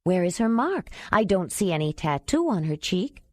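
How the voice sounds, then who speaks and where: A woman's voice: lowish voice, very animated, normal speed, a little mellow, no room sound. A woman reading as a skeptical questioning woman. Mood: probing.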